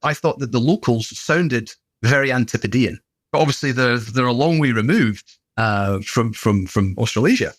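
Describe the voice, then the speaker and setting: A man's voice: medium pitch, moderate pace, no echo. A middle-aged British man chatting casually as a podcast guest, telling stories with playful put-on voices. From United Kingdom. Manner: animated storyteller, does playful voices. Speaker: podcast guest, gym owner. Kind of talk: casual conversation.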